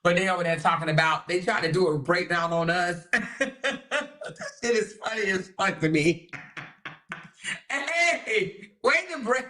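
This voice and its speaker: Bright-voiced woman livestream host. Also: a little high, a little slow, pauses often. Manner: laughs often, swears freely, reads viewer comments aloud. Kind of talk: casual livestream commentary.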